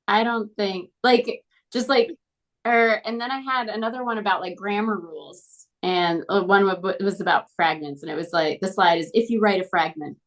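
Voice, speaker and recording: A woman's voice: medium pitch, normal speed, fairly bright tone. A woman talking casually about a lesson she had as a student, with many fillers. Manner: chatty, full of fillers like "like" and "um". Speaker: former student. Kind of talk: casual conversation.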